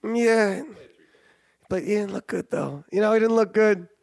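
Man, high voice, sports podcast host, rambling, joking, laughs a lot. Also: measured pace, vocal fry, a little mellow, no room sound. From Canada. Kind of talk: casual sports commentary.

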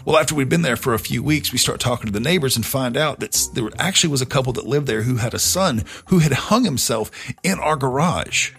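A man's voice: medium pitch, expressive, a little fast, creaky, a bit bright, faint music behind. A middle-aged man hosting a podcast, telling a story in a casual, profane, conversational way. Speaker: podcast host.

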